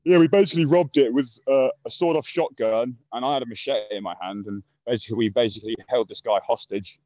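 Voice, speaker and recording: Talking fast with a medium pitch and a dark tone, a young man swaps casual stories as a guest, swearing freely, speaking bluntly, and performing the quotes. The sound is lo-fi with no room sound.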